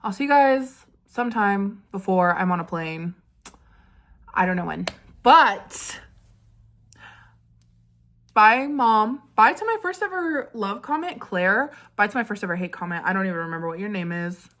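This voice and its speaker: A woman's voice: medium pitch, expressive, measured pace, long pauses, a bit bright. A young woman vlogging in a chatty, dramatic way, leaning on "like" as she tells a story. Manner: chatty and dramatic, heavy use of 'like'. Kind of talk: casual storytelling vlog.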